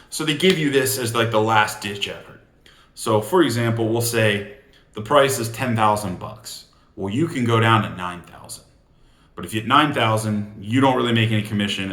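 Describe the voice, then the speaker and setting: A man's voice: fairly low pitch, roomy sound. A man giving casual sales coaching, acting out snippets of sales talk with customers. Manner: animated, acts out sales dialogues. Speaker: sales trainer.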